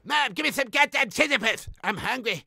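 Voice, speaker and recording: A man doing an impression of a bratty, spoiled cartoon boy who whines and shouts demands. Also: extremely high pitch, lively intonation, brisk, gravelly, a little hiss or hum, pitched above the performer's own voice, heavily acted.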